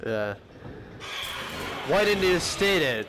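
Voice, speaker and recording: A man commentating his own VR horror gameplay, jumpy and swearing, often shrieking and yelling at the enemies. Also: sits high, huge pitch swings, a little slow, long pauses, very noisy. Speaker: gamer playing a VR horror game.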